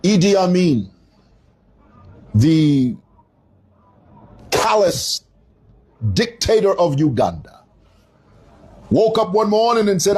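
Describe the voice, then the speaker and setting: A Zambian man in his fifties with a Zambian accent, talking through current events in a loose, storytelling way. His voice is very husky, and his pitch swings widely as he digresses from point to point. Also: big pitch swings, takes it slowly, pauses often, a little mellow. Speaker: commentator. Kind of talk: casual commentary.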